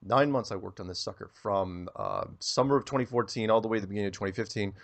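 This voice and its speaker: A man telling a long story as an interview guest, rambling and animated, often repeating words as he starts a sentence. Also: lowish voice, fast talker, gravelly.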